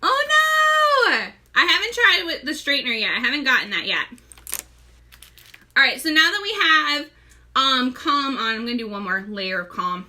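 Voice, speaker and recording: A young pregnant woman runs a casual live makeup tutorial, chatting away, greeting viewers by name, and frequently running short of breath. Her high voice is pushed and bright, with lively intonation, a normal speed, and long pauses. She sells makeup and hosts the live stream.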